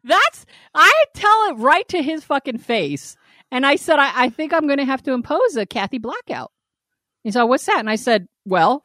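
Animated, profane woman telling a story. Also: high-pitched, no room sound, clean studio sound. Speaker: podcast co-host. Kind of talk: casual podcast chat.

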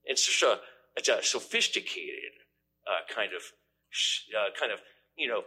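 A man's voice: mid-range voice, normal speed, pushed and bright, slightly rough, poor audio. A middle-aged man hosting a podcast in casual chat, joking and rambling with restarts. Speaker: podcast host.

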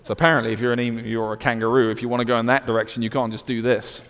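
A man with a British accent preaching a sermon, swinging from loud emphatic declarations to hushed storytelling. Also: mid-range voice, little pitch movement, very fast, long reverb tail.

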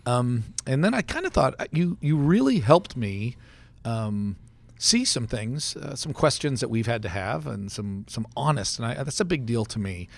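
A man's voice: mid-range voice, lively intonation, moderate pace, gravelly. A man hosting a church podcast, talking in a casual, rambling way with lots of restarts and easy laughter. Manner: rambling, chatty, many fillers and restarts, laughs easily. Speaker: podcast host and church pastor. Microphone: studio mic.

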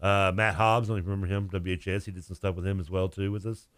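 A middle-aged man with a Southern accent, co-hosting a radio show, playful and animated as he tells stories. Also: low-pitched, rapid-fire, dry recording, clean studio sound. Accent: Southern American. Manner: animated, playful, slips into movie impressions. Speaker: radio co-host. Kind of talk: casual chat.

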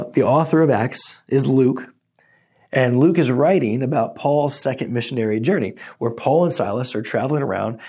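A man's voice: medium pitch, breathy edge. A man pastor preaching a teaching sermon, opening in prayer and telling stories with energy. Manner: earnest teaching, animated storytelling.

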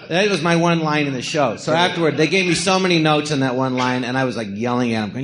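A man's voice: fairly high pitch, brisk, pauses often, noisy background. A middle-aged man telling rambling stories on a live podcast, slipping into quoted voices between laughs. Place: theatre stage before an audience.

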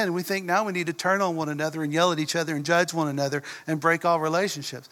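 Talking fast with few pauses, a middle-aged Southern pastor sermonizes earnestly and keeps asking his congregation questions. His fairly high voice is a bit bright, and the church hall is echoey.

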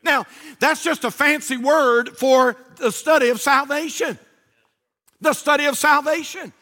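A male pastor delivers a lively sermon in a very high voice. His tone is bright and ringing. He carries long anecdotes and climbs into shouted emphasis. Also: unhurried. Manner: animated storytelling preacher, shouting at peaks. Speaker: Baptist pastor.

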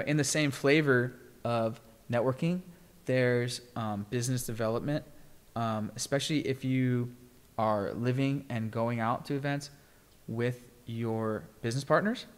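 A man hosting a casual podcast chat, animated and given to mimicking other people's voices. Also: medium pitch, a little slow, smooth, long reverb tail. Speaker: podcast host.

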